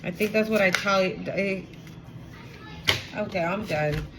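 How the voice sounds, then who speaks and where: A woman's voice: medium pitch, unhurried, very noisy. A woman giving a casual, emotional spiritual card reading to her viewers, repeating herself and swearing now and then. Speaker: tarot reader.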